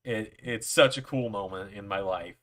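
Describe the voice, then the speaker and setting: A man's voice: on the low side, normal speed, fairly bright tone. A man hosting a livestream, telling a long story to his chat in a casual way, with frequent fillers and "I'm like" asides. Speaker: livestream host.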